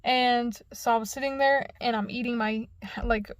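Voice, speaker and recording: A young woman tells a long dream story in a loose, casual way. She swears freely and acts out the back-and-forth herself. Her voice sits fairly high and sounds close and dry, with no room around it. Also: normal speed, no room sound. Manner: animated, profane, acts out dialogue.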